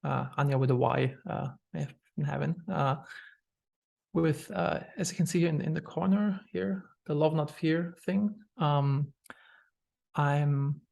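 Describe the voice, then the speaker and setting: German-accented man, slightly high, gravelly; founder sharing candid stories on a call. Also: unhurried, darkish tone. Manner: candid, anecdotal, frequent fillers and restarts. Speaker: startup founder. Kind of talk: masterclass talk.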